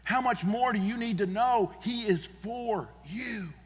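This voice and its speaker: In a church sanctuary, a male pastor preaches a sermon earnestly and emphatically, repeating his key phrases. His voice is high and husky, a little slow, and echoes as if in a large hall.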